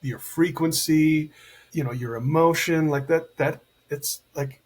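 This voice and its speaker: Middle-aged male guest, husky, slightly high register; animated storyteller who acts out quotes. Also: a little slow. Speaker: podcast guest, healer and medium. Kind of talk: casual conversation.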